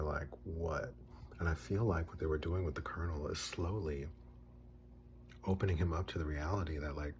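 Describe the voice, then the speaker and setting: Deep-voiced man animatedly retelling a film. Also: slight background noise. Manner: animated retelling, acting out characters' lines. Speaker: film reviewer. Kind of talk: casual film recap.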